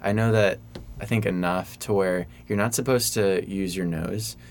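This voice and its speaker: A young man from Michigan, a student songwriter, answering interview questions casually in a soft, hesitant way full of fillers. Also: low-pitched, steady tone, moderate pace. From Michigan, USA. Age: young adult.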